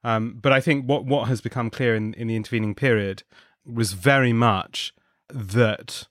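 A contributing editor appears as a podcast guest, offering wry, thoughtful political analysis full of ums and restarts. He has a mid-range, slightly bright voice at normal speed, captured in a dry, clean studio recording.

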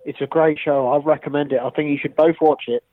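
Pushy caller on a tinny phone line. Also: male voice, on the high side, fairly even intonation, quick pace, dry recording. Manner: pushy, insistent. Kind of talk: casual phone chat.

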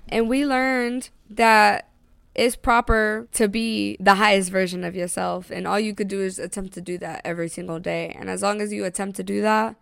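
Woman co-host, casual podcast chat, gravelly edges, dry close sound, blunt and soothing. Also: medium pitch, fairly even intonation, normal speed, fairly bright tone, dry recording. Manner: reassuring, blunt and profane.

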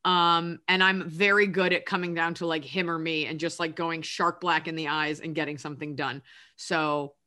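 A woman's voice: low-pitched, fairly even intonation, moderate pace, bright, forceful tone. A woman actress chatting casually as an interview guest, rambling and self-deprecating with lots of "like".

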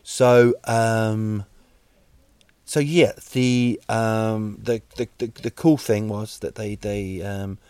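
New Zealand man, podcast host, deadpan rambling jokes, unhurried, dry close sound. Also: lowish voice, smooth, no room sound. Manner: rambling, deadpan jokey, frequent fillers and restarts. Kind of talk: solo comedic podcast monologue.

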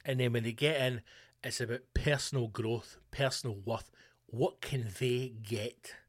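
Scottish comedian host, mid-pitched, loud, profane, restless delivery. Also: male voice, moderate pace. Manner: sweary, animated, ranting. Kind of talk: comedic rant.

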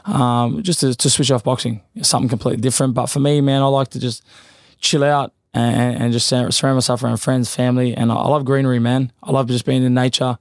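A man's voice: mid-range voice, level tone, dry recording, clean studio sound. A man, a professional boxer talking casually as a guest in an interview, full of fillers and restarts. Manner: rapid, loose, repeats fillers.

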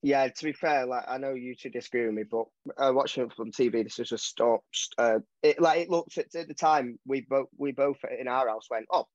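A man's voice: medium pitch, no echo. Man with a dull, dry, lo-fi sound. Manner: animated, opinionated, quick asides. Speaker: podcast co-host. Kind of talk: casual football podcast chat.

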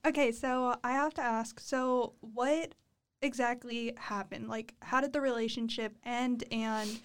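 A woman's voice: on the high side, steady tone, unhurried, smooth. A woman hosting a casual chat, asking curious questions and reacting to the story.

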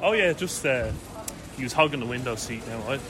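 A man's voice: mid-range voice, expressive, a little fast, fairly bright tone. A young Irish man co-hosting a podcast, making dry, laid-back quips while travelling. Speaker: podcast co-host. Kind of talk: casual travel chat. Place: outdoors in busy city streets and an airport.

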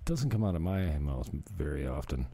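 A man's voice: extremely low pitch, sing-song, normal speed, gravelly, warm tone, husky. A man casually commenting on videos he is watching, rambling into ranty asides with some self-deprecation. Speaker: co-host reacting to videos.

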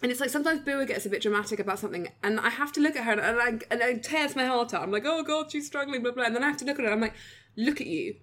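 Animated woman co-hosting a chat. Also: on the high side, racing, hardly any pauses. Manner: animated, swearing, self-mocking. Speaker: podcast co-host. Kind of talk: casual chat.

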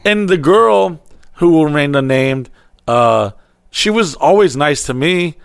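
A man's voice: a little high, measured pace, creaky, smooth, dry recording, studio quality. A man on a podcast telling a wild story in casual, heavily profane chat and acting out the quotes. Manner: animated, swearing freely, acting out quotes.

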